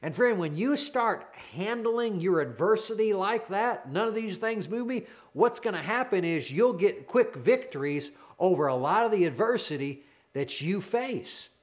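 A man preaching a sermon with fervent energy, repeating key phrases and calling the listener "friend", speeding up when he gets excited. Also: high-pitched, unhurried, hardly any pauses.

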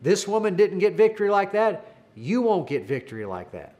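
A man's voice: high voice, very animated, moderate pace, warm tone. A man preaching a sermon, telling a story earnestly and often repeating his words.

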